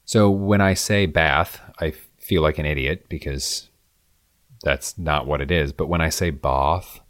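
A man tells stories in relaxed, easy conversation, clearly enjoying himself. His voice sits very low. The sound is close and dry, with no room echo. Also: moderate pace. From American Midwest. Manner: chatty, enthusiastic storytelling. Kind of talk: casual chat.

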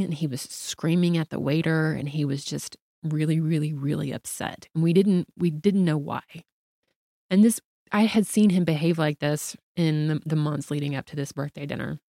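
A middle-aged woman with a low-pitched voice tells a personal story as a podcast guest. She talks in an animated, chatty way, full of "like" fillers. The sound is dry and close, with no room around it. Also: no room sound. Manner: animated, talkative, frequent "like" fillers.

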